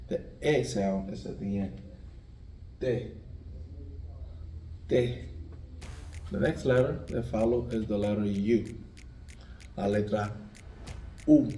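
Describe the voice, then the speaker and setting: A man, teaching the alphabet by slowly repeating each letter sound. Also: lowish voice, warm tone. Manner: slow, repetitive letter drilling. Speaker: language teacher. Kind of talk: spelling out the Spanish alphabet. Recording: echoey room, mic at a distance.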